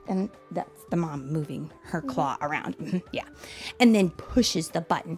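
Woman, children's story read-aloud, warm, animated, slow pace, faint music behind. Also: lowish voice. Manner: warm, animated, talks to listeners directly.

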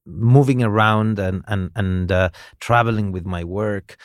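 Low-voiced man. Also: unhurried, dry recording, clean studio sound. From Mexico. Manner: relaxed and reflective, hesitant restarts. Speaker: actor guest. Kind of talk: casual interview chat.

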